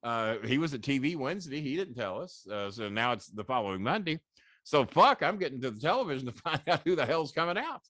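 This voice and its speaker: A man in his sixties tells wrestling stories as an interview guest, swearing freely and chuckling as he goes. His voice sits in an ordinary middle pitch. It's a dry, close recording with no room around it. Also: fairly quick, no room sound. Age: 60s. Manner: profane, animated anecdotes with laughs. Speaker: guest, former wrestling manager. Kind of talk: storytelling interview.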